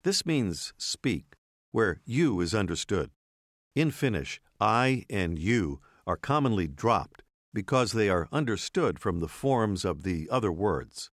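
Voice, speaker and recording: Measured male course narrator. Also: on the low side, big pitch swings, no echo, studio quality. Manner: clear, measured teacher's delivery. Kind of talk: scripted instructional narration.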